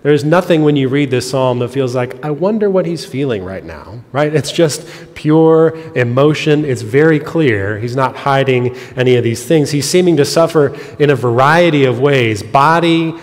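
A man preaching a sermon, explaining scripture in an earnest way, his voice dropping soft and quiet on heavy moments. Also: medium pitch, expressive, moderate pace, hardly any pauses. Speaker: pastor. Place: church sanctuary. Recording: long reverb of a church hall.

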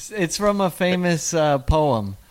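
A man's voice: a little high, big pitch swings, slow pace. A man co-hosting a podcast in casual chat, rambling and joking and often tripping over his words. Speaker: podcast co-host.

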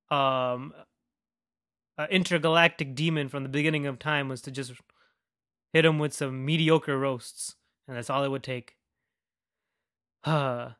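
A man's voice: on the high side, a bit bright. A young man hosting a podcast, ranting about a movie in a casual, mocking way and swearing constantly. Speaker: podcast host. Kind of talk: casual profane movie rant.

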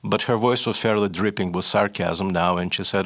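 A man's voice: fairly low pitch, steady tone, moderate pace, a bit bright. An older man from Leningrad with a Russian accent, a writer telling his story as an interview guest, hesitant with many fillers and restarts. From Leningrad, Soviet Union.

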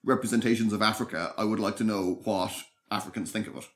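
A man with a somewhat low voice co-hosts a podcast. He talks in a relaxed, thoughtful way, often pausing and restarting his sentences as he works through an idea. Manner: thoughtful, hesitant with many restarts. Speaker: podcast co-host. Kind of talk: casual chat.

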